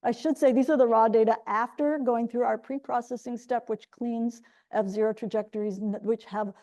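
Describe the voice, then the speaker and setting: A woman's voice: fairly high pitch, steady tone, normal speed, mellow. A middle-aged woman giving an academic linguistics talk, explaining step by step with frequent restarts. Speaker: linguistics lecturer.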